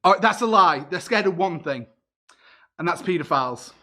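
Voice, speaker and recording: A man's voice: sits high, lively intonation, normal speed, pushed and bright. A man, doing a self-deprecating stand-up comedy set with punchy delivery. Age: 30s.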